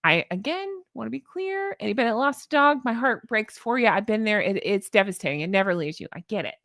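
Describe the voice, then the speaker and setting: A woman's voice: medium pitch, lively intonation, quick pace, fairly bright tone, no echo, clean studio sound. A woman hosting a casual commentary vlog, sarcastic and exasperated as she rants. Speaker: YouTube commentary host.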